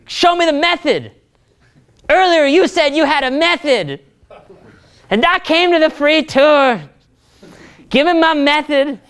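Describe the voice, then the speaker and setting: Sulky, crude young male gamer, whiny and high-pitched, as a coach mocks him. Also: a bit bright. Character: bitter sulky young male gamer who hates talking.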